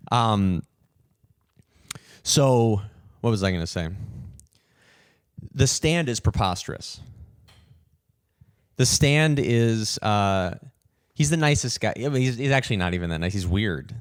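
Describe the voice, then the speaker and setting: A young man hosting a podcast, telling a story in an animated, swearing rant and mimicking people in higher voices. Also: a little slow, long pauses, smooth, dry recording, clean studio sound. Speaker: podcast host, comedian.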